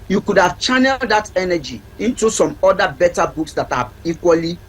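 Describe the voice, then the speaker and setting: Nigerian male counselor, TV talk-show guest; high, slightly husky voice; emphatic, teacherly, repeats key lines. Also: animated, brisk, few pauses, fairly bright tone, rough recording.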